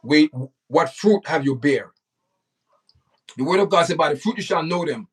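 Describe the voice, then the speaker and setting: A man's voice: on the high side, expressive, moderate pace, husky, distant mic. A man hosting a livestream, giving indignant, preachy commentary and repeating himself for emphasis. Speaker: livestream host.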